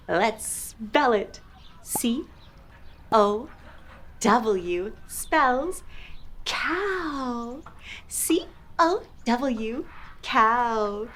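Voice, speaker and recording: A young woman talks to toddlers in a high, bouncy voice that swoops up and down. She speaks very slowly and spells out words letter by letter, playful and exaggerated. A faint room hum sits behind her. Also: lively intonation, fairly bright tone. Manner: exaggerated, playful, lots of laughs and gasps. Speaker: children's educational host. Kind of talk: slow, sing-song toddler teaching with animal sounds.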